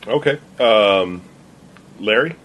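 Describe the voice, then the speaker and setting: A man's voice: on the low side, expressive, takes it slowly, a bit bright. A man hosting a casual podcast round, calling on others by name and teasing them. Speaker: podcast host moderating the round. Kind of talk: casual group chat.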